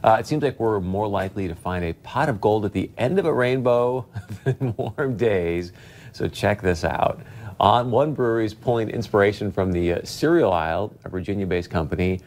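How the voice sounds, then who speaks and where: Low-voiced man joking as news co-anchor. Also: moderate pace, a little mellow. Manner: teasing, jokey, tells anecdotes. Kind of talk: casual on-air banter between news stories. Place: TV news studio.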